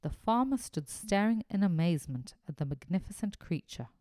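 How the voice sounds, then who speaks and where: A woman narrating a children's adventure story in an expressive, animated reading. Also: medium pitch, moderate pace, no echo, studio quality.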